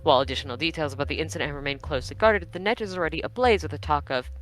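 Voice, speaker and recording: Brief: woman playing a low, measured news anchor reading a puff piece, some slips. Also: fairly bright tone, faint music behind, rough recording. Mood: newsy. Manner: measured newscaster delivery, stumbles over words.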